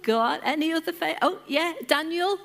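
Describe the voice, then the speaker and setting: A woman's voice: very high voice, normal speed, vocal fry, a bit bright. A woman from a church lead team giving an informal sermon, chatting and joking with the congregation and asking them questions. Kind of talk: informal sermon with audience interaction. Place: church service.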